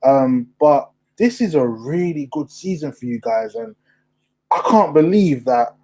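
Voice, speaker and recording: Young guy hosting a footy podcast, bit high voice, mellow, hyped and slangy. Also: unhurried, low-quality recording. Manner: animated, slangy, asks questions. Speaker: podcast host. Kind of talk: casual chat.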